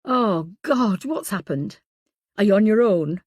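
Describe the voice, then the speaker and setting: A woman reading the lines of a sharp, anxious female team leader in an audiobook. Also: mid-range voice, expressive, a little slow, no room sound, studio quality. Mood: impatient. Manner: impatient, emotional.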